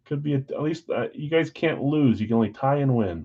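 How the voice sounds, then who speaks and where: A man's voice: fairly high pitch, breathy edge. Man calling live card breaks, muffled audio. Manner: energetic countdowns, chatty with viewers; auctioneer-like rapid calls.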